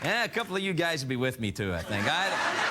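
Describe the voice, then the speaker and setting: Male talk-show host with a lively, swooping pitch, joking through a monologue over loud studio audience laughter and noise. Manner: animated, self-mocking, laughs at his own jokes; jumps into high, yelping asides. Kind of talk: stand-up comedy monologue. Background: live studio audience laughing.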